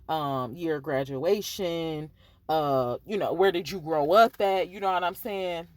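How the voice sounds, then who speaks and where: A woman with a lowish voice hosts a chatty dating-advice podcast for men, recorded dry on a close mic. She's candid and conversational, offering casual advice and constantly tossing in asides like "you feel me."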